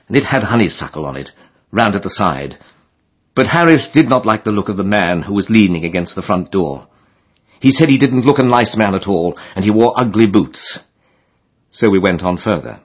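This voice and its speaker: A man's voice: on the low side, slightly rough. A man narrating a comic novel as an audiobook, in a wry storytelling manner.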